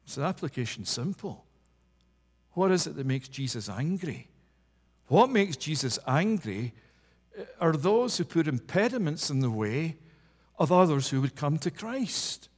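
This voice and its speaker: A man preaching a sermon, impassioned, swinging between loud emphasis and low hushed passages. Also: very animated, measured pace, husky. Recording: long reverb of a large hall.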